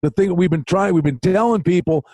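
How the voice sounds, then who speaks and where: A man co-hosting a sports betting podcast in casual chat, an excitable storyteller. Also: high voice, fairly quick, no room sound. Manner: excitable storyteller, animated retellings. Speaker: podcast co-host.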